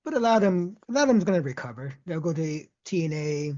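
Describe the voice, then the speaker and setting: Podcast co-host, lively animated pitch, profane, chiming in, casual chat, dull lo-fi audio. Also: fast.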